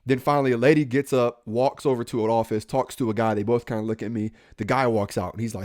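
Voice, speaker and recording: Brisk and barely pausing, this medium-pitched man co-hosts a podcast where, as a police officer, he shares a personal story casually. He's from Central Ohio and tells it with animation, performing the quoted dialogue in the characters' voices.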